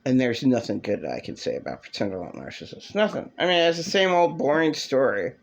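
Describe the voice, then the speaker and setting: A woman's voice: very deep voice, very animated, fairly quick, gravelly. A woman rambling through an agitated, repetitive rant to camera in a vlog. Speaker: vlogger.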